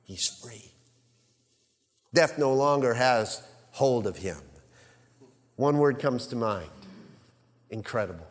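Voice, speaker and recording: A male pastor preaching a sermon, swinging between loud emphasis and hushed quiet and asking the congregation rhetorical questions. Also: medium pitch, expressive, slow pace, pauses often, long reverb tail.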